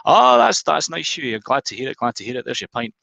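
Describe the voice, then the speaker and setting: A man's voice: mid-range voice, very animated, fast talker, vocal fry, bright, forceful tone, no room sound, muffled recording, heavily acted. A man voicing a friendly, unflappable male barman with a Glaswegian accent who calls everyone pal.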